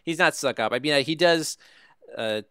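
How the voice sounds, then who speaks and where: Smooth-voiced man hosting a casual TV recap. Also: on the high side, moderate pace, pushed and bright, no echo, studio quality. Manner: conversational, often seeks agreement with "right?". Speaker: podcast host recapping a TV show. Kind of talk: casual review chat.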